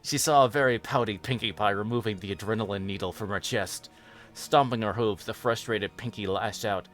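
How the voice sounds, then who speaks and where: A man, the host, reading a fan fiction horror story aloud in a steady, even narration. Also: on the low side, a little fast, faint music behind.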